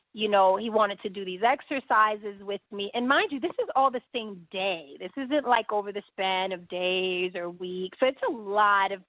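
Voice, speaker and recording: A new woman from New York, speaking at medium pitch, guests on a podcast and tells a story conversationally. She's animated, quotes people's exchanges, and uses lots of fillers. The recording is dry and phone-like, coming through a tinny line.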